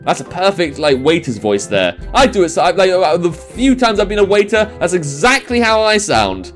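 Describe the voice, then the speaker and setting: Young male let's-play narrator, lively pitch, self-mocking rambling commentary, light music bed. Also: moderate pace, hardly any pauses. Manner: rambling, self-mocking, stumbles over misspelled words. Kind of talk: reading a visual novel aloud with commentary.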